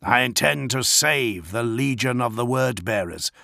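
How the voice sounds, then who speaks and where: A man voicing a stern, scheming male warrior-priest in a slow, measured, menacing way. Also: medium pitch, lively intonation, vocal fry, sharp tone, no echo, studio quality, exaggerated voice.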